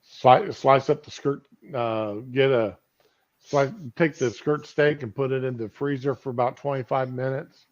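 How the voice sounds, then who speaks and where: A man's voice: mid-range voice, fairly even intonation, measured pace. A man chatting casually on a stream, rambling with fillers as he talks about cooking and home life. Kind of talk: casual chat. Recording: lo-fi stream audio.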